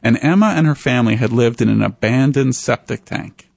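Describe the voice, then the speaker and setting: A man, an author, telling stories in an interview in an animated way. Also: a little fast, creaky, dry recording. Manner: animated, voices the people in his stories with raised pitch. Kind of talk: storytelling in a radio interview.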